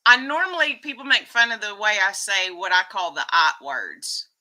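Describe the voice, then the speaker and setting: Bright-voiced Texan woman chatting on stream. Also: mid-range voice, lively intonation, rough recording. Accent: Texas Southern. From Texas, US. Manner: chatty, giggly, quick to laugh. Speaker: vlogger reading live chat. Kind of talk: casual live-stream chat.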